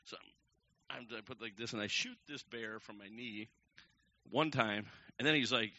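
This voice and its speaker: A man telling a long personal story to a crowd from the pulpit, acting out each quoted person with sudden jumps in pitch and loudness. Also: normal speed. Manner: animated, acts out the quoted people with big jumps in pitch and loudness. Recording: dull lo-fi recording.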